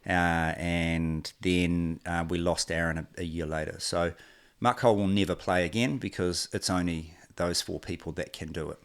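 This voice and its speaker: A man's voice: sits low, moderate pace, few pauses. A man in his forties with a New Zealand accent, a guest telling stories casually and acting out quoted dialogue along the way. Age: 40s. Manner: relaxed, rambling, acts out quoted dialogue. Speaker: guest, company co-founder. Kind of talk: casual interview storytelling.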